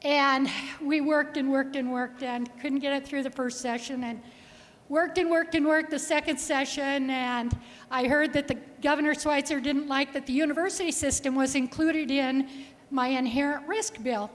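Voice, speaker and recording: A woman's voice: high-pitched, steady tone, normal speed. A woman state senator giving a farewell speech, telling folksy stories with chuckles from a legislative chamber podium. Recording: long reverb of a large chamber.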